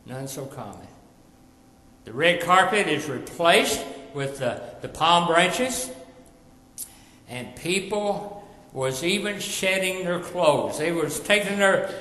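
A man preaching a sermon, emphatic, repeating phrases and dropping quiet at the ends of lines. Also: a little high, reverberant, in a large hall, rough recording.

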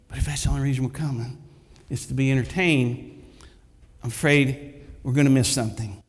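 A man's voice: mid-range voice, animated, a little fast. A man, preaching a sermon and telling stories with lots of repetition for emphasis. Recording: echoey hall.

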